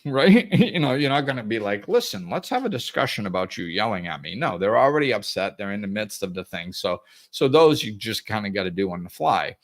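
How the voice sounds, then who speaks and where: A man's voice: medium pitch, a bit bright. A man hosting a podcast, talking through a casual monologue with restarts and chuckles. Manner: acts out angry callers in a raised voice. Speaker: podcast host.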